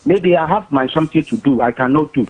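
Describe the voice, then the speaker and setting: A man's voice: a little high, quick pace, husky. A male caller speaking insistently in broken English, repeating his points. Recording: tinny phone line.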